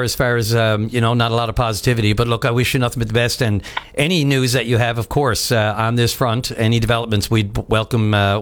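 Rambling talk radio host, a man. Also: medium pitch. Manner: rambling, with many fillers. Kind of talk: live talk radio hosting.

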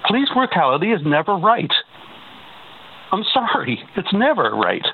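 A man's voice: high-pitched, wildly swooping pitch, normal speed, breathy edge. A man calling in to a radio talk show, talking emphatically and repeating himself as he presses his point. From Canada. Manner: emphatic, repeats words, rising to insistence. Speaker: caller. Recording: tinny phone line on radio.

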